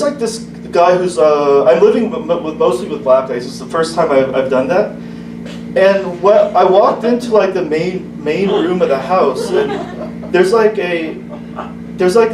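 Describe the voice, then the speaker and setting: A man performing a stumbling open-mic stand-up set in a small comedy club, restarting his sentences often. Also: on the high side. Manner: halting, stumbling delivery with many restarts. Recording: echoey club, distant mic, room noise.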